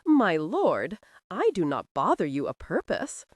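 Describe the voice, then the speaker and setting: A woman's voice: lowish voice, huge pitch swings, measured pace, breathy edge, no room sound, heavily acted. A woman voicing a fussy, very old male housekeeper who speaks in a prim, reproachful, formal way in an audiobook.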